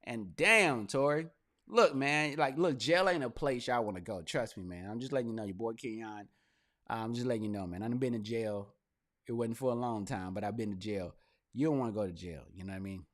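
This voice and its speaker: Slangy, animated podcast host man. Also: medium pitch, a little fast. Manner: animated, slangy, swings loud and laughing into mock rants. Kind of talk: casual commentary monologue.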